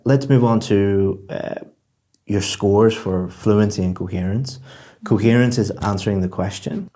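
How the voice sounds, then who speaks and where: Patient low-voiced male tutor explaining. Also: mellow. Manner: patient, explanatory, demonstrates phrases aloud. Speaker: IELTS examiner giving feedback. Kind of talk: one-on-one feedback session.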